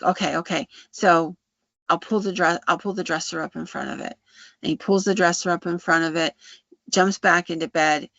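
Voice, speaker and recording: A podcast host casually retelling a folk tale, with frequent restarts and halting phrasing. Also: medium pitch, gravelly, sharp tone, dry recording, dull audio.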